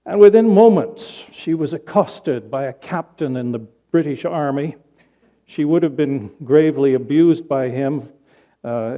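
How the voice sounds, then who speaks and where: A man preaches from the pulpit in a church sanctuary, easing into his sermon through a story. His voice sits a little high for a man but sounds dark and mellow. He talks at an unhurried, deliberate pace with conversational pauses. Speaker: pastor.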